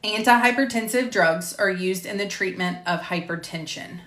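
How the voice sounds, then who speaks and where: A woman instructor reading lecture material on drugs at a measured pace, stopping to correct herself and chat. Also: medium pitch, a bit bright, echoey room, a little hiss or hum. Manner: measured, careful reading of drug terms, self-correcting. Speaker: medical coding instructor. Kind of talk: recording lecture narration, with casual asides. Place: home room with door closed.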